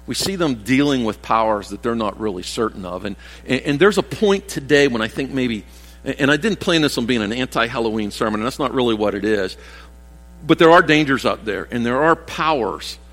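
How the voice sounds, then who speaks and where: Animated and fairly quick, this sixties-aged pastor speaks in a mid-range, fairly bright voice. His folksy sermon rambles with restarts and asides, echoing with the long reverb of a church hall.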